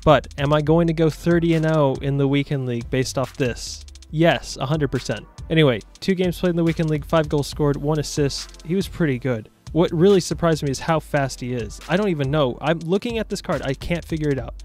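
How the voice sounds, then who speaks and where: A young man giving jokey, animated commentary over his own football video game matches. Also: fairly high pitch, brisk, few pauses, faint music behind. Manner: animated, jokey, shouts at big moments. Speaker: gaming YouTuber. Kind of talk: excited gameplay commentary.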